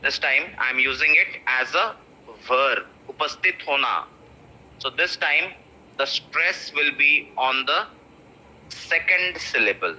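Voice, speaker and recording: A man's voice: a little high, lively intonation, unhurried, pushed and bright, slight background noise. A man teaching pronunciation in an online class. He repeats each word again and again and slips into Hindi phrases. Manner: repeats words over and over, mixing in Hindi phrases. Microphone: video call. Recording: dull lo-fi video call audio.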